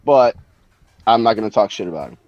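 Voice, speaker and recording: Blunt, laughing guest on dull mic. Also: male voice, lowish voice, expressive, brisk, dry recording. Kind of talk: casual banter.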